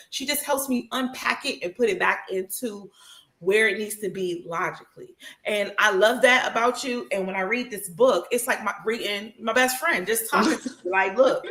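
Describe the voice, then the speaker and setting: A woman chatting on a podcast, emotional and expressive, swearing freely and acting out what people say. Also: a little high, brisk, echoey room, rough recording. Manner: quotes people in animated voices. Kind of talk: casual podcast chat.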